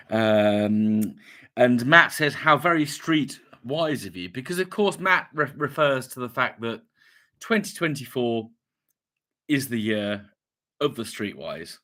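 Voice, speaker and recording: A medium-pitched man with a bright, forceful tone hosts a casual YouTube live stream. He chats in a rambling way as he greets viewers and reads their comments aloud.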